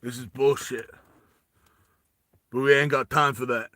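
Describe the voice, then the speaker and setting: A man doing an impression of a gruff male action star leading a squad. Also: mid-range voice, steady tone, unhurried, sharp tone, voice pushed down.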